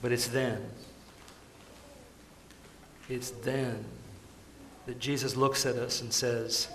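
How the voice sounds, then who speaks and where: A man preaching a sermon, moving between soft, pleading tenderness and loud, urgent calls. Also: medium pitch, little pitch movement, slow pace, roomy sound, slight background noise. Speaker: pastor.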